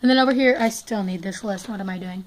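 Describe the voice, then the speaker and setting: A woman gives a casual, rambling tour of her toy collection, chatty and scattered and frequently making fun of herself. Her medium-pitched voice is fast, and the low-quality recording carries a little hiss or hum.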